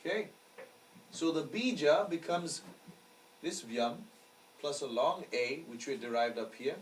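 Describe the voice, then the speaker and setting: A man's voice: on the high side, lively intonation, a little slow. A man teaching a lecture class, explaining patiently and often checking that the students follow. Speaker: astrology teacher. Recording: distant mic with faint background noise.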